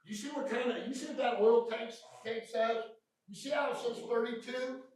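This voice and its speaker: A man with a Southern American accent running a lively training session, joking and quizzing his audience. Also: extremely high pitch, normal speed. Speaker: refrigeration trainer. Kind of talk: lively live training talk. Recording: echoey room, mic at a distance.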